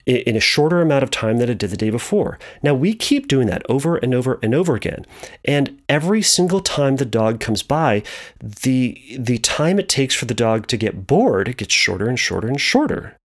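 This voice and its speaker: A man explaining anxiety through a long playful metaphor, animated and repetitive. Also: medium pitch. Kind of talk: storytelling metaphor lesson.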